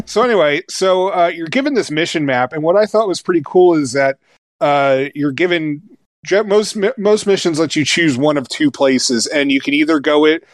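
A man's voice: fairly high pitch, normal speed, no echo. A man in his thirties reviewing a video game in casual chat, rambling with lots of fillers and restarts, and laughing easily. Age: 30s. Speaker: game reviewer, podcast co-host.

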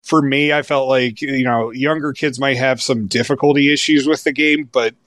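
A man's voice: mid-range voice, fairly even intonation, normal speed, fairly bright tone, no echo. Guy in his 30s rambling through a game review, lots of ums, dry close sound. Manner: rambling, many fillers and restarts, laughs easily. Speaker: game reviewer, podcast co-host. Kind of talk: casual review chat.

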